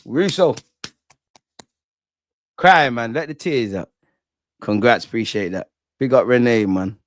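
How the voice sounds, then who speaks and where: A young man hosting a live football watch-along, excitable and slangy, shouting out his viewers. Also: medium pitch, a little slow. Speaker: fan channel host.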